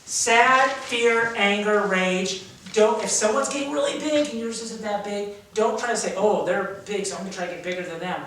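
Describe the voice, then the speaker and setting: A man's voice: high-pitched, normal speed, few pauses, sharp tone, slight background noise. A drama teacher leading a class of young actors, explaining exercises with energy and acting out emotions as he goes. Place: large echoey room. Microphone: camera mic from across the room. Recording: echoey room, voice from far off.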